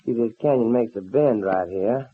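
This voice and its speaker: A man's voice: medium pitch, normal speed, a little hiss or hum, lightly acted. An actor playing an easygoing young male cowboy hero with folksy talk in a 1930s radio serial. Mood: teasing. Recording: old narrow-band radio transfer.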